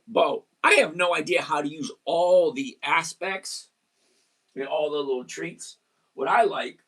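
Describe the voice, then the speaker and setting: A man hosting a casual trading livestream, hoarse after singing, chatting, greeting viewers and explaining step by step. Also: a little high, a bit bright. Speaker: livestream host.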